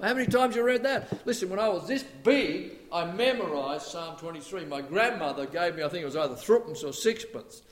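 A male pastor preaching a sermon, asking the congregation questions and swinging between loud and hushed delivery. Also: on the high side, animated, a little fast, few pauses.

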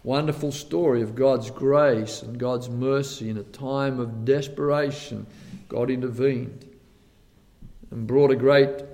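A man preaching a sermon, retelling a Bible story with lively storytelling and acting out the characters' lines. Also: mid-range voice. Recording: long reverb of a large hall.

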